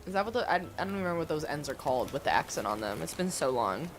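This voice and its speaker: A chatty American woman talks on a gaming livestream, rambling and poking fun at herself with plenty of ums and likes. Her voice sits a little low for a woman. Bright game music plays clearly behind her. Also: big pitch swings, very fast. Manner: chatty, rambling, self-deprecating, many fillers. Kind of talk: casual livestream chat while playing.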